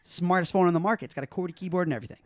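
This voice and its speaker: A man hosting a podcast in a studio, telling stories in a lively, profane way and acting out the scenes. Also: high voice, racing, dry recording. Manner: animated, profane, acts out scenes. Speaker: podcast host. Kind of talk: casual podcast storytelling.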